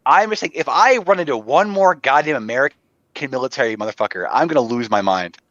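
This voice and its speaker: A man's voice: mid-range voice, animated, fast talker, fairly bright tone, dry recording, dull audio. A man in casual podcast chat, rambling with many fillers and frequent swearing. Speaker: podcast guest. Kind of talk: casual chat about roleplay.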